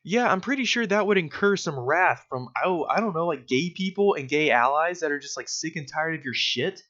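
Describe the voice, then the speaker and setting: A man's voice: fairly high pitch, expressive, moderate pace, pushed and bright. A young man giving casual, sarcastic video commentary, mocking his target with lots of fillers. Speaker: political commentator. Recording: dull lo-fi recording.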